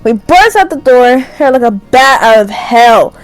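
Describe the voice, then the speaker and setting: A young woman reads a dating game aloud with a high, wildly swooping voice, taking her time. She trips over words and bursts into dramatic shrieking reactions. Faint music plays behind her. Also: expressive, unhurried, no room sound, low-quality recording. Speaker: gamer reading a dating sim aloud.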